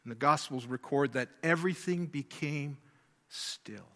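A man's voice: fairly high pitch, unhurried, fairly bright tone, long reverb tail. A man preaching a sermon, emphatic, repeating key words and asking rhetorical questions.

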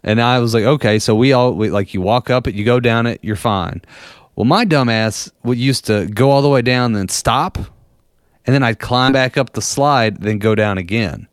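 A man's voice: medium pitch, normal speed, clear, resonant tone, no room sound, clean studio sound. A man in his thirties or forties casually telling rambling, profane stories and laughing at them as he goes. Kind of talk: casual storytelling chat.

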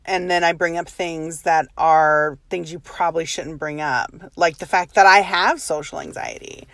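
Thirtysomething woman rambling thru a story, low voice, laughs at herself a lot, dry sound. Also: moderate pace, fairly bright tone, no room sound. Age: 30s. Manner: chatty, self-deprecating, laughs often, rambling asides. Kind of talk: casual personal storytelling.

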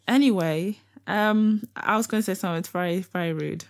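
A woman's voice: medium pitch, brisk. A young woman with a mid-range voice chats loosely on a podcast she co-hosts. She laughs often and breaks off to read news items aloud. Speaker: podcast co-host. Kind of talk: casual chat.

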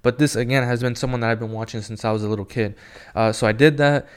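A young man telling a story in a casual, excited, rambling way, full of filler words. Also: medium pitch, fast talker, clear, resonant tone. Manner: excited, rambling, heavy use of "like" and "yo". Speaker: skateboarding fan telling a story.

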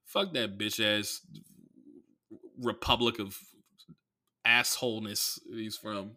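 A man hosting a comedy podcast, telling a profane story as a monologue, swinging from mumbled asides to loud outbursts. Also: on the low side, steady tone, slow pace. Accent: Bay Area.

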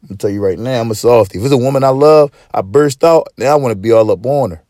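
Speaking fast at a medium pitch, this male podcast host has a mellow tone, recorded at studio quality with no echo. He rambles through a swear-filled, casual-slang rant with frequent stop-start restarts and preachy street-slang flair.

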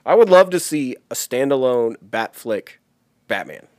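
A man co-hosting a casual movie chat, animated and swearing freely. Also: medium pitch, measured pace, no echo, clean studio sound.

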